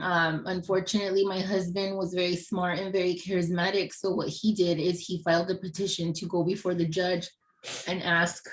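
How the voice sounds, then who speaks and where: A woman in her thirties giving an emotional personal testimony, halting with pauses and fillers and often clearing her throat. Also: lowish voice, low-quality recording. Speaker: family member speaking on a webinar panel.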